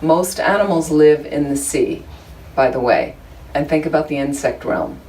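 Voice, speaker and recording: Woman dharma teacher, low voice, informal and joking, picked up from across the room, faint hiss. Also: moderate pace, darkish tone. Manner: chatty, humorous, conversational with frequent asides. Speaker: Buddhist study group teacher. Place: room with a small group of listeners. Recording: distant room recording, faint background noise.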